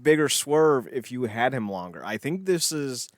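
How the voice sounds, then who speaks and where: A man's voice: medium pitch, sing-song, normal speed, few pauses, no echo, clean studio sound. A man co-hosting a casual podcast, rambling and swearing, often trailing off into mumbles. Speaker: podcast co-host.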